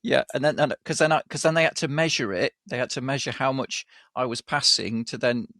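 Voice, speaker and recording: Gravelly man telling stories. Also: medium pitch, brisk, fairly bright tone, no room sound, clean studio sound. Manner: rambling storyteller, acts out quoted voices, laughs often. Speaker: podcast co-host. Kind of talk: casual chat.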